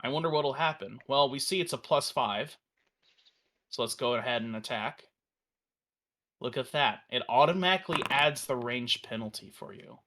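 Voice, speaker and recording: A man casually walking through a software demo on a live stream, enthusiastic and rambling, with fillers and restarts. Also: mid-range voice, moderate pace. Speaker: developer demoing a virtual tabletop.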